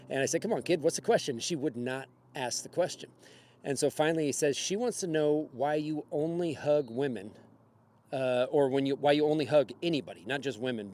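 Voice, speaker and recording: A man's voice: mid-range voice, a little mellow. A man casually telling a personal story on a livestream in a rambling, conversational way with many fillers and chuckles. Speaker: livestream host.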